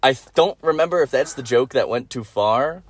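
A man joins a podcast chat as the guest. He talks in a relaxed, rambling way with plenty of "um" and "like". His voice sits at a middling pitch but rises and falls a lot. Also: a little fast, breathy edge, dry recording.

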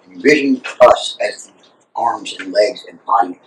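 A man's voice: on the low side, moderate pace, slight background noise. A man leading a church roundtable as archbishop, talking animatedly with frequent repeats and restarts. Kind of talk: informal church discussion. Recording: echoey room, distant mic.

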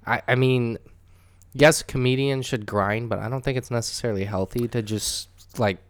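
A young comedian co-hosting a podcast, asking pointed questions and giving opinions in casual chat. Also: male voice, mid-range voice, fairly even intonation, normal speed, clear, resonant tone, no echo.

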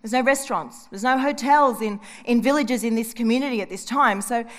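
Lively middle-aged woman preaching a sermon. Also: on the high side, a little fast. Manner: lively and conversational, with personal stories and asides.

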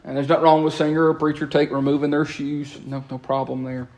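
A man, preaching a lively sermon in a church and breaking into quick asides and repeated words. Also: a little high. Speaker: pastor. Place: church sanctuary.

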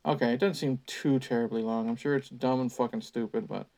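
A podcast host reading a teen novel aloud, with sarcastic, sighing asides. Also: male voice, medium pitch, fairly even intonation, fairly quick, a little mellow. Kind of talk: mocking storytime reading.

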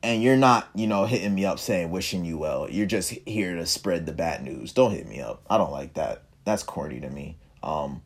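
A man's voice: sits low, lively intonation, moderate pace, few pauses, breathy edge. A young man telling a personal story in casual speech, reflective and sometimes emphatic. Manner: casual and reflective, quiet dips and emphatic rises. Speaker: vlogger.

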